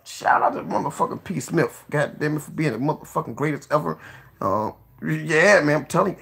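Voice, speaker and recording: A man hosting a casual live stream, joking, cursing freely, laughing often and giving shout-outs to viewers. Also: on the high side, brisk, creaky, slightly rough.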